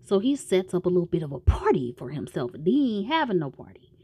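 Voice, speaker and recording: A woman's voice: fairly low pitch, sing-song, quick pace, mellow, breathy edge, no room sound. A woman casually recapping a TV show in a slangy, rambling way, with some profanity.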